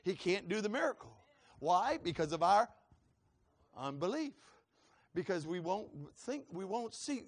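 Fervent preacher man with a high voice. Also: expressive, moderate pace, gravelly, pauses often. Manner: fervent, rising to high whining voices when acting out prayers. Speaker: pastor. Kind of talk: sermon.

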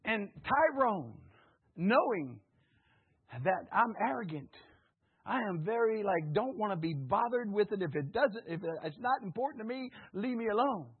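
A husky, high-voiced man preaches a sermon in church as an associate pastor. He tells stories and calls questions out to the congregation. The sound is thin and tinny, like a phone line. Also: very animated, a little slow. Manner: storytelling with call-and-response to the congregation.

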